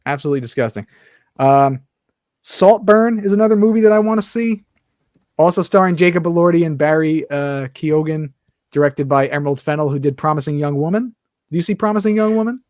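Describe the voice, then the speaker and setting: A man's voice: on the high side, a little fast, darkish tone, no echo, clean studio sound. A man co-hosting a podcast in casual chat, blunt, cracking crude jokes and swearing freely. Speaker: podcast co-host.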